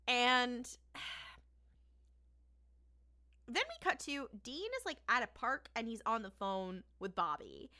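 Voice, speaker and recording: A woman co-hosting a podcast chats through an episode recap in a bright, sharp tone, her pitch swinging all over the place. She laughs often and swears freely. Her voice sits a little high. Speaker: podcast co-host. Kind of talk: casual recap chat.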